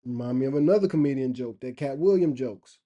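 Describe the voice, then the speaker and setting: A man's voice: mid-range voice, quick pace, dark tone, highs cut off. A middle-aged man telling stories to camera in an earnest, emphatic way, drawing out his phrases. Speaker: vlogger. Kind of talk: casual storytelling monologue.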